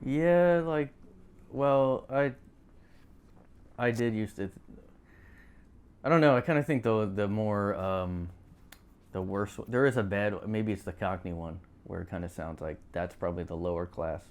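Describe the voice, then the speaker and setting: A man's voice: lowish voice, measured pace, long pauses, darkish tone, clean tone. A man guesting on a talk show, laid-back and hesitant with a wry edge. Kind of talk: casual chat.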